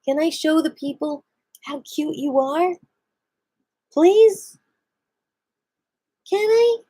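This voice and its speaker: A woman putting on a very high, squeaky baby-talk voice that coos at a pet cat. The tone stays soft and mellow, with no edge to it. It is doting, sing-song cat talk. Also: expressive, takes it slowly. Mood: cooing. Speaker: pet owner.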